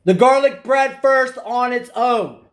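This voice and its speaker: A man's voice: extremely high pitch, takes it slowly. A man hosting a casual cooking vlog, chatting straight to his viewers as he eats. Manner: chatty, addresses viewers directly. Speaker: cooking channel host.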